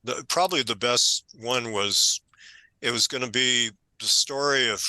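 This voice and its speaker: An older man, an author being interviewed, telling stories in a conversational, animated way and growing emphatic when indignant. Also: medium pitch, measured pace, dry recording, poor audio. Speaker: author guest.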